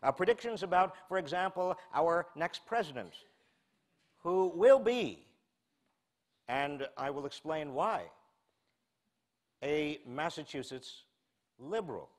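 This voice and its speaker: A man in his sixties from the United States giving a humorous public lecture, telling a wry self-mocking story with deadpan asides. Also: on the high side, takes it slowly, pauses often. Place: lecture hall before a live audience.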